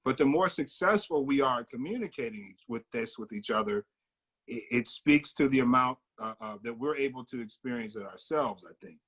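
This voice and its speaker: A man's voice: mid-range voice, expressive, brisk, a bit bright. An American man in a casual group discussion, explaining his views earnestly and at length. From United States. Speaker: discussion participant.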